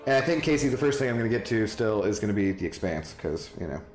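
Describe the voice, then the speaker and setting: A male game streamer rambles casually with his viewers, answering each one by name. His lowish, darkish voice is animated and quick, echoing in a roomy space with music clearly audible beneath.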